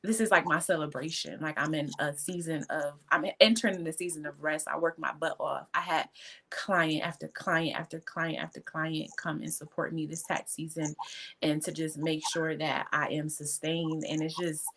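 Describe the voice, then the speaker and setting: Guest: fervent woman with a low voice, emotional testimony, close to tears. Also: fairly even intonation, normal speed, fairly bright tone. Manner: fervent, faith-filled, tearful. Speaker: guest entrepreneur.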